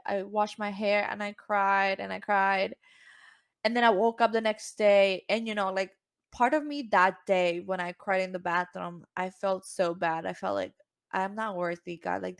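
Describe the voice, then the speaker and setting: A woman from Cuba, a singer and podcast guest, telling a story casually and acting out the voices she quotes with big jumps in pitch. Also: clean tone, no room sound, clean studio sound.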